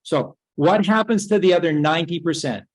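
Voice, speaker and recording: A woman's voice: on the low side, brisk, poor audio. A woman giving a rambling spoken lecture, emphatic and swearing, firing off rhetorical questions. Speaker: speaker giving a talk.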